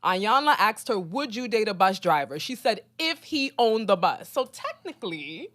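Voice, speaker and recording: Woman, young, podcast co-host, animated, teasing, very expressive pitch, dry close sound. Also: moderate pace, no echo. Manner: animated, teasing, lots of ums. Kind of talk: casual chat.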